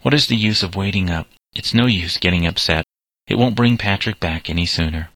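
A man's voice: low voice, brisk, a bit bright, no room sound. Firm, caring young daughter, read by a man.

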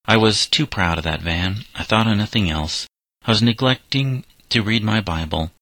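Man reading as a gentle old florist, deep and dry. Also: normal speed, no room sound, poor audio. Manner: gentle, earnest storytelling delivery. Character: elderly male florist, gentle, forgiving, humble.

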